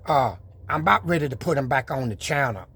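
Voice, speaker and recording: A man's voice: mid-range voice, lively intonation, fairly quick, fairly bright tone, husky. A man talking casually to his viewers about his truck build, boastful and preachy in manner.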